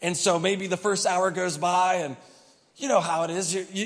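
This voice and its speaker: A man pastor preaches in a lively, conversational way, telling the story vividly and throwing questions to the congregation. His voice sits fairly high. A long church-hall reverb trails behind him. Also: moderate pace, creaky. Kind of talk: sermon. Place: church sanctuary.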